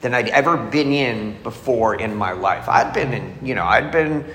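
A man's voice: mid-range voice, normal speed, fairly bright tone, slight background noise. Candid man telling his story in an echoey hall. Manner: candid, emotional storytelling, acting out quoted voices. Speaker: speaker sharing a recovery story. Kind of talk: personal testimony to an audience. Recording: echoey hall, faint ambience.

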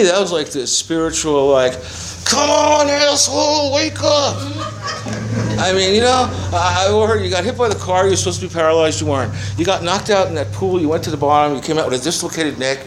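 An older man in his seventies, voice sitting a little higher than most men's, shares his story with a roomful of people at a recovery meeting. He rambles and swears freely, poking fun at himself as he goes. A faint hum of room ambience sits under his voice. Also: poor audio. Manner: rambling, profane storytelling with self-mocking humor. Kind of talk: personal testimony to a group. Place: meeting room with a small audience.

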